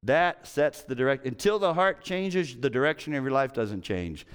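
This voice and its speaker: A middle-aged man preaching a sermon as pastor, conversational and emphatic, swinging between loud and quiet. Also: medium pitch, expressive, moderate pace, smooth.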